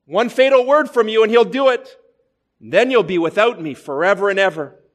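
Guy putting on a whiny chattering lizard, highish voice, sly. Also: expressive, brisk. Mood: wheedling. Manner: wheedling, pleading. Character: wheedling chattering red lizard creature.

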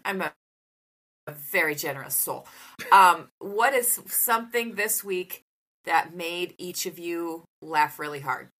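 A woman co-hosting a casual chat, telling stories in an animated way. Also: measured pace. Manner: animated storytelling, high-pitched when quoting a toddler.

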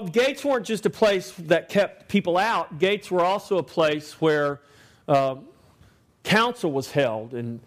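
A man preaching a sermon to a congregation, using an emphatic, repetitive cadence. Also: fairly high pitch. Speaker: pastor.

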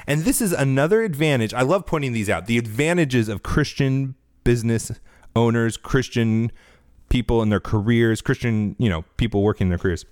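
A man's voice: mid-range voice, dry recording, clean studio sound. A man hosting a faith-based business podcast, talking earnestly, often restarting his sentences and getting fired up as he preaches. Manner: earnest, self-correcting, animated preaching tone. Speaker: podcast host.

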